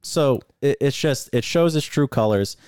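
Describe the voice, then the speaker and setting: Male podcast co-host, heated profane storyteller, lively pitch, dry sound. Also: normal speed, clear, resonant tone, no room sound. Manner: angry, profane, animated storytelling. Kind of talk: casual storytelling rant.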